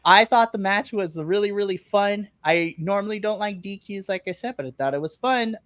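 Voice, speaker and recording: A podcast co-host recaps things casually on a remote live stream, talking easily, laughing a lot and performing their own reactions. Their middling-pitched voice is a bit bright and moderately paced, captured dry and close with no echo.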